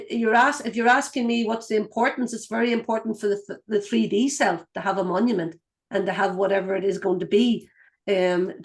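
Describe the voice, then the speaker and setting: A woman speaks as a spiritual guide, telling stories in an earnest, meandering way. She stops and restarts often and reaches for her words as she goes. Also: mid-range voice. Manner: earnest, rambling, many restarts and fillers. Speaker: intuitive guide and clairvoyant. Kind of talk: casual spoken teaching, storytelling.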